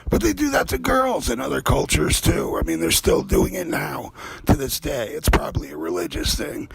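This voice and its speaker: Rough husky guy ranting jokey conspiracy stuff, voice kinda high and jumpy. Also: wildly swooping pitch, moderate pace. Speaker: host. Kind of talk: rambling comedic monologue.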